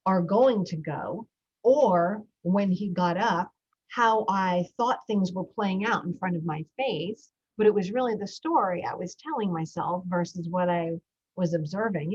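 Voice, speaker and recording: Her voice on the low side, a little mellow and slightly rough, a middle-aged parenting coach shares reflective stories from her family life. The podcast includes a guided breathing moment, and the recording sounds dull.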